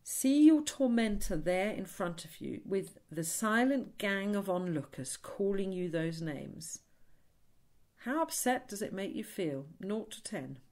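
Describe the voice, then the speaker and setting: Woman, unhurried, soothing instructor, tapping practitioner, mid pitch. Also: expressive, darkish tone. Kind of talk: guided tapping session.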